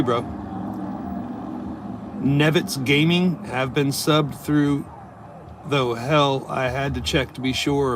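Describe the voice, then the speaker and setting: A man's voice: medium pitch, noisy background. Joking man live-streaming from his van. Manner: joking, loose and rambling. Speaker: livestreamer and service plumber. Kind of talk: casual live-stream chat, reading viewer comments. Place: inside a parked work van.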